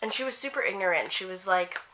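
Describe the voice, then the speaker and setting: A teenage girl from Canada telling a get-ready-with-me story, animated and swearing while acting out what her friends said. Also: mid-range voice, fast talker, heavy background noise. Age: teens. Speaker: vlogger.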